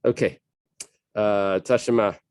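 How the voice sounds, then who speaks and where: A man leading a Talmud study class, reading Aramaic passages and translating them in a casual, halting way with many fillers and restarts. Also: fairly low pitch, fairly even intonation, darkish tone, clean tone, no room sound. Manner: casual, thinking aloud.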